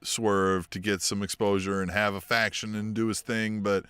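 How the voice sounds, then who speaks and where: Male podcast co-host, lowish, tense bright tone, casual and chuckly. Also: little pitch movement, normal speed, clean tone, dry recording. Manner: chuckling, keeps asking "right?". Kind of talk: casual wrestling podcast chat.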